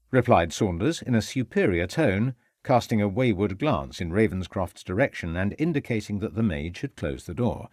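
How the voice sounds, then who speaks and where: A man narrating an audiobook mystery in a measured, expressive storytelling style. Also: lowish voice, breathy edge, dry recording, clean studio sound. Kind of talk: scripted narration.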